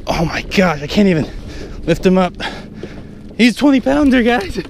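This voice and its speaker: A man's voice: sits high, normal speed, gravelly, noisy background. A man vlogging from a small boat at sea, exclaiming and cheering over a big catch. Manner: excitable, exclaiming, breathless. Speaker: fishing vlogger. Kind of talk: excited fishing vlog narration.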